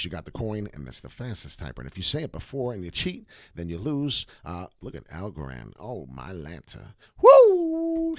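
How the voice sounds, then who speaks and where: A man's voice: low-pitched, fairly bright tone, dry recording, clean studio sound. A man hosting a live crypto market stream, brash and hype-driven, swearing casually as he talks. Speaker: crypto livestream host.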